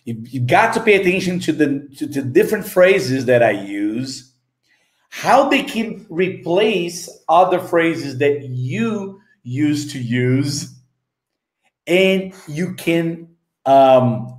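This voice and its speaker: Brazilian man as English teacher, slightly high voice with a lively, rising and falling pitch. He speaks slowly, checks in often, and sounds echoey in the room. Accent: Brazilian Portuguese. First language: Portuguese. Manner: slow, repeats phrases, checks in with "okay?" and "right?". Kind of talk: explaining a story lesson.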